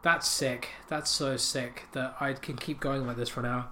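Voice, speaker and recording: There's slight background noise as a man with a mid-range, sharp-toned voice hosts his podcast at normal speed with fairly even intonation. He rambles through absurd funny stories, swearing and laughing at his own jokes into the mic.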